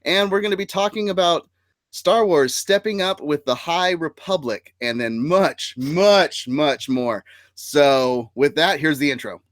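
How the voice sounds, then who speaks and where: A man's voice: fairly high pitch, measured pace. A man hosting a casual live-streamed nerd podcast, upbeat and chatty, laughing often and using fillers. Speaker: podcast host.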